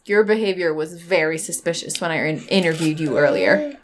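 A woman voicing a blunt, clumsy female adventurer who asks curt, flat questions. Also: deep voice, brisk, a crowd in the background, pitched below the performer's own voice. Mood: stern.

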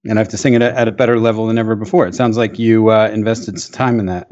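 A man hosting a podcast, asking interview questions in a measured way with halting restarts. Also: on the low side, fairly even intonation, a little mellow, dull audio. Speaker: podcast host.

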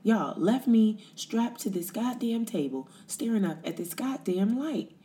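A woman's voice: fairly high pitch, expressive, a little slow, warm tone. A woman podcast host telling a personal story in a candid, conversational way, often calling her listeners "y'all.".

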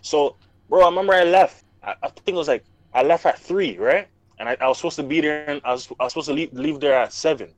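Young man, podcast co-host, rapid slangy storyteller, dry close sound. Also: on the high side, no echo. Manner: animated slangy storytelling, acts out quotes. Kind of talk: casual storytelling chat.

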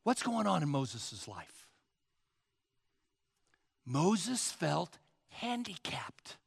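A man's voice: on the high side, big pitch swings, extremely slow, vocal fry, husky, long reverb tail. A man preaching a sermon as pastor, emphatic and urging his listeners to write points down.

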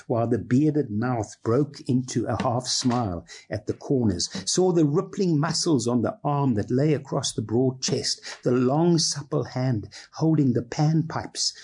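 A man preaching a sermon, reading aloud expressively and slipping into casual asides, with a husky voice. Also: medium pitch, dark tone. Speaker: pastor.

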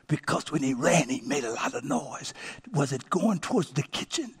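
A middle-aged male pastor preaching a sermon, swinging from hushed asides to shouted calls of "come on now". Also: a little high, lively intonation, normal speed, slightly rough.

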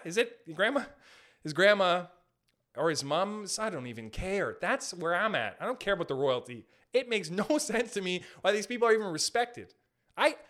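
A man in his late twenties hosting a solo podcast, ranting comically with jokes and laughing at himself. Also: sits high. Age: late 20s. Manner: animated, jokey, laughs at own jokes. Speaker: podcast host. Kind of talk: comedic solo podcast rant.

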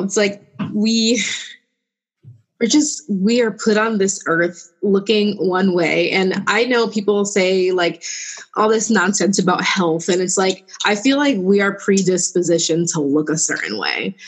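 A woman's voice: medium pitch, lively intonation, unhurried, husky. A woman who is a guest on a podcast, talking frankly and full of opinion in casual chat. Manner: frank, opinionated, filler-heavy talk.

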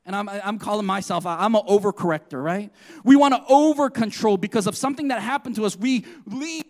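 A male pastor preaching a sermon in an earnest way, often putting questions to the congregation. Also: very high voice.

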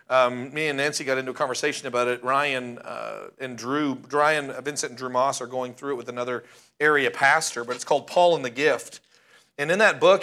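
Forceful, bright-voiced male pastor preaching. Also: mid-range voice. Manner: emphatic, slowing down to stress key words. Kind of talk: sermon.

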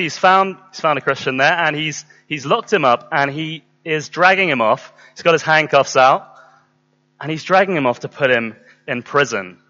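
A man telling a Bible story to a live group in an animated, repetitive way, with dramatic pauses. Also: on the high side. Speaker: children's church storyteller. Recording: dull sound in a long-reverb hall.

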